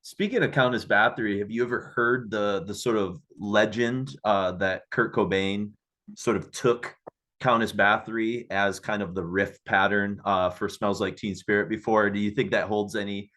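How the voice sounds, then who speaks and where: A man with a low voice hosts the interview. He builds his questions slowly, hedging with fillers and trailing qualifiers before handing over to the guest. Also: fairly even intonation, a bit bright. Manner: measured, hedging questions with many "sort of" fillers. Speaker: podcast host, interviewer.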